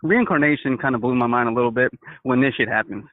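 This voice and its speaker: A man's voice: mid-range voice, quick pace, dry recording. Eager, stammering male caller on a phone line. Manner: eager, stammering, says "bro" and "dude". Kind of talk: casual phone call.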